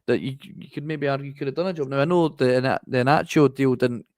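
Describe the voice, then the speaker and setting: A man on a football podcast video call, rambling with restarts and sounding frustrated. His pitch sits in the middle range. The recording is dry and close. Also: fast, no room sound. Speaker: podcast co-host.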